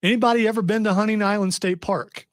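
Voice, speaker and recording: A man's voice: high-pitched, fairly even intonation, fast talker, dry recording. A man hosting a casual podcast, reading a news story aloud with wry, joking asides. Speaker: podcast host.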